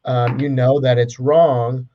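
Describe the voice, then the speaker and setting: A man's voice: medium pitch, level tone, takes it slowly, lo-fi sound, a little hiss or hum. A man co-hosting a casual podcast, talking with many fillers and restarts. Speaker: podcast co-host. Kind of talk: casual chat.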